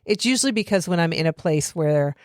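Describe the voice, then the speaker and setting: Giggly woman with a lowish voice. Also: lively intonation, no room sound, clean studio sound. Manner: giggly, scattered, quick tangents. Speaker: podcast co-host. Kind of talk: casual chat.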